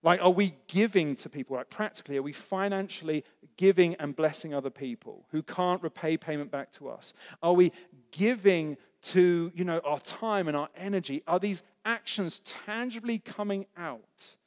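A man's voice: sits high, normal speed. A man preaching a sermon as pastor, earnest and conversational, asking the congregation rhetorical questions. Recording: echoey hall.

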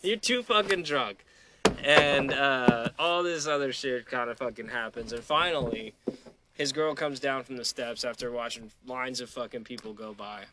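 A man hosting a podcast, telling a story in a casual, profane, animated way. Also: mid-range voice, normal speed, background noise. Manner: profane, animated storyteller who acts out quotes. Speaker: podcast host.

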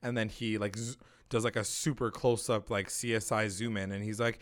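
A man's voice: on the low side, level tone, normal speed. A man co-hosting a podcast, casually recapping a TV episode, acting out characters' lines and swearing freely. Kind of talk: casual chat.

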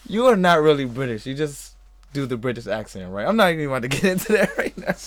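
A man's voice: medium pitch, very animated, quick pace, a little hiss or hum. A man hosting a podcast in a casual, rambling way, a little tipsy, laughing often and talking to live chatters. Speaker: podcast host. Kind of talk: casual live-stream chat.

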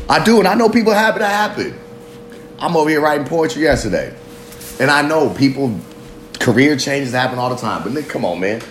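Man in his thirties, solo confessional host, swears a lot, rambling, self-mocking, lively swinging pitch, roomy echo. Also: a little fast, pauses often. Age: 30s. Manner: rambling, profane, self-mocking, laughs often. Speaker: podcast host.

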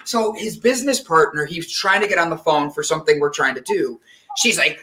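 A man hosting a live talk show, telling stories in a lively way and acting out what people said. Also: a little high, brisk. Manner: animated storyteller who acts out quotes. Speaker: show host. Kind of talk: casual radio show banter.

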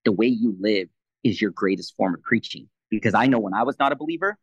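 A man in his thirties sharing a personal faith testimony in a quick, animated way, acting out both sides of a conversation. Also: on the low side, slightly rough, no room sound, lo-fi sound. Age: 30s. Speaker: Christian leader, podcast guest.

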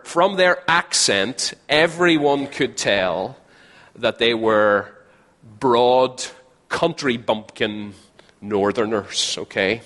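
A Northern Irish man preaches to a live crowd in a chatty, joking way, repeating his key phrases for emphasis. His voice sits at an everyday middle pitch. The sound rings with the long reverb of a large hall. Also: a bit bright. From Northern Ireland. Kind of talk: sermon.

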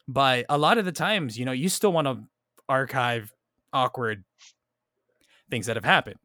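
A man's voice: mid-range voice, normal speed, sharp tone, no echo, studio quality. Chatty man hosting a film podcast. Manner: thoughtful, keeps checking in with "right?" and "like". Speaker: podcast host. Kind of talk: casual film discussion.

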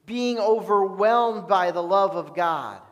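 In a church hall with long reverb, a pastor with a high voice preaches a sermon, reading scripture earnestly at a slow, deliberate pace.

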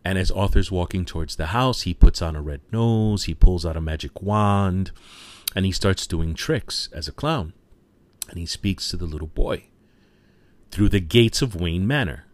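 Deep-voiced man enthusing over a film. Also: moderate pace. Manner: enthusiastic, retells scenes with quoted lines; frequent fillers like "you know". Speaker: film reviewer. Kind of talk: casual spoken movie review.

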